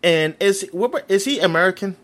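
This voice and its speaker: A man co-hosting a podcast, chatting in an animated way, swearing and laughing often. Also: high voice, moderate pace. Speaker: podcast co-host. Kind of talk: casual chat.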